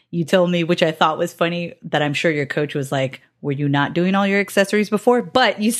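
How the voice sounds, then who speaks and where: Low-voiced woman interviewer, friendly, rambles a bit, laughs a lot. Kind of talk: casual interview talk.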